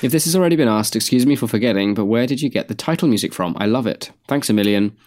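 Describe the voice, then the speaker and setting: A man's voice: mid-range voice, expressive, fast, darkish tone. A man co-hosting a podcast, reading listener emails aloud in an easygoing, agreeable way. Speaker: podcast co-host.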